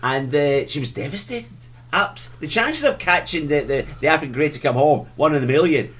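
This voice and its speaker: A man's voice: on the high side, expressive, moderate pace, fairly bright tone, faint music behind. A man co-hosting a casual talk show, teasing his partner with cheeky quips. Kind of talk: casual banter.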